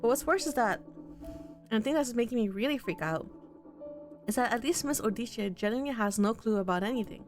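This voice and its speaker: A woman's voice: fairly high pitch, animated, fairly quick, faint music behind, lightly acted. A woman voicing an earnest, worried young man in a visual novel. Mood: upset. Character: earnest, anxious young man in his twenties.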